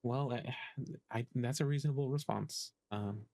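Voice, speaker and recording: A man's voice: mid-range voice, normal speed, vocal fry, a little mellow, dry recording. Male streamer, casual game commentary, hesitant, thinks aloud, dry mic. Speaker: gaming streamer. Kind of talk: casual let's-play commentary.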